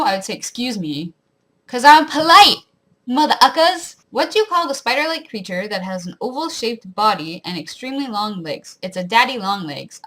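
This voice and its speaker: A woman's voice: medium pitch, fairly bright tone. A young woman with a rural southwestern Ontario accent, chatting casually in a vlog as she reads words from a list and comments on each one. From rural southwestern Ontario, Canada. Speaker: vlogger.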